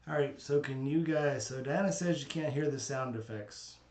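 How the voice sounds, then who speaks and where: A man's voice: medium pitch, moderate pace, a little mellow. Sex: man. Role: live streamer. Style: casual chat with viewers, thinking aloud, slightly hesitant. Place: small home studio. Mic: desk condenser mic. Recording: roomy echo. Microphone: condenser microphone at a desk.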